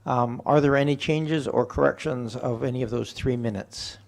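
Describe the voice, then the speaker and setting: A mayor runs a council meeting in a council chamber, his creaky voice sitting mid-range for a man. He proceeds in a careful, procedural manner, pausing with slight hesitations.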